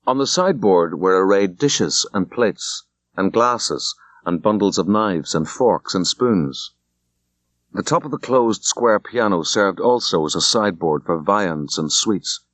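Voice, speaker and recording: A man reading a classic story aloud as an audiobook, in an unhurried, measured narration. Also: low-pitched, animated, fairly bright tone, dry recording. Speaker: audiobook reader. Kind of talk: scripted narration.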